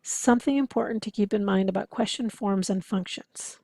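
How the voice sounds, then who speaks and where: Female instructor, encouraging lecture tone, mellow voice with a dry, close sound. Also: medium pitch, normal speed, vocal fry, no echo. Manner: explanatory, encouraging, occasionally laughing. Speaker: interpreting instructor. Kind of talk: recorded lecture over slides.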